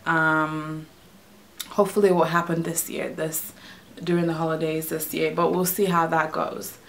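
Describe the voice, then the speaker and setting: A woman's voice: deep voice, flat delivery, normal speed, fairly bright tone. A young Nigerian woman with an Igbo background and a Nigerian accent, chatting casually at home in a tag video, giggling and often repeating herself. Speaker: vlogger.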